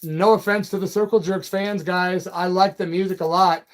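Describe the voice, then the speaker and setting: A man's voice: high-pitched, steady tone, normal speed. A man hosting a casual live chat, reading out viewer comments in a loose, friendly way and calling people brother and man. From Peoria, Illinois. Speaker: livestream and radio host.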